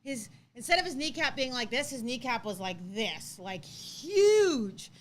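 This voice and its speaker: A woman in her thirties co-hosting a casual live chat, telling a story with lively acted-out quotes and frequent laughter. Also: sits high, measured pace, a little hiss or hum. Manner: animated storytelling, acts out quotes, laughs often. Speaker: co-host.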